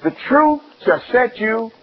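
A high-pitched male preacher delivers a sermon with lively storytelling, his voice climbing and getting louder when he gets excited. The recording is slightly dull, with faint noise underneath. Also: takes it slowly.

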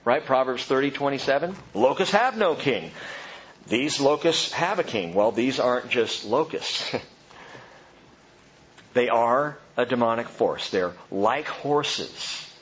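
A man delivering a sermon in an animated preaching manner, his voice in a middling pitch. The sound is a little dull, with faint room ambience behind him. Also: takes it slowly, slight background noise. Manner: animated preaching, addresses listeners as "gang". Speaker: pastor.

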